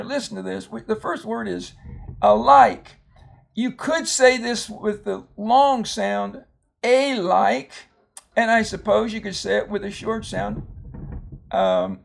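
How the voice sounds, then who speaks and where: An older man tutoring reading, explaining word meanings in a slow, patient way with frequent ums and restarts. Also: high voice, vocal fry. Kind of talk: phonics lesson.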